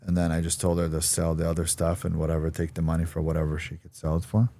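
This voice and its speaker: A man's voice: a bass voice, monotone, quick pace, warm tone, no room sound. A man guest on a podcast, telling a personal story frankly, with some swearing, and acting out what other people said. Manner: frank, profane, acts out quoted voices.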